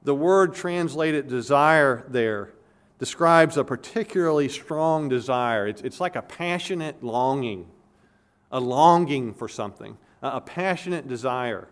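A male pastor delivering an expository sermon in an earnest, emphatic way. He repeats key words for weight and often restarts his phrases. His voice sits at an ordinary middle pitch for a man. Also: lively intonation, a little slow.

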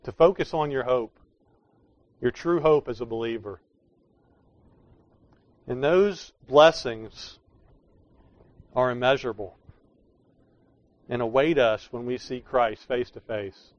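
A male pastor delivers a sermon, stressing key words with emphatic, explanatory force. His voice sits at an ordinary middle pitch. The recording is dry and slightly dull, with no room echo. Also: slow pace, pauses often.

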